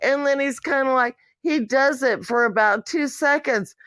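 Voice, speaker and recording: A woman's voice: sits high, normal speed, a bit bright, dry recording. A woman vlogger in a candid monologue, talking bluntly and profanely with an exasperated edge.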